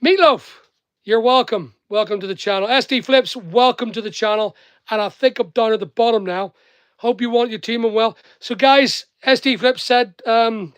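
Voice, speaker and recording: The recording is dry and his very high voice sounds clean at normal speed. He's an online seller and channel host with a blended Northern Irish and English accent, packing orders live, chatting to viewers and teasing staff in the packing area.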